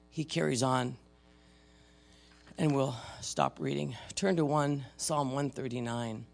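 A man in his fifties or older preaching a sermon conversationally, reading scripture aloud with dramatic swings between loud and soft. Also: medium pitch, steady tone, slow, vocal fry. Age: 50s or older.

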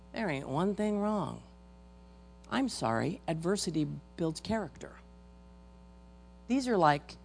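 A woman preaching a sermon in a folksy, animated manner, with joking asides to her congregation. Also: mid-range voice.

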